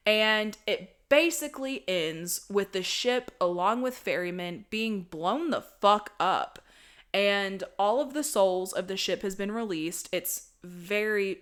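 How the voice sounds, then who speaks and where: A young woman hosting a podcast, recapping a horror movie in a casual, animated, swearing style. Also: medium pitch, smooth. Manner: animated, profane storytelling. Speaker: podcast host.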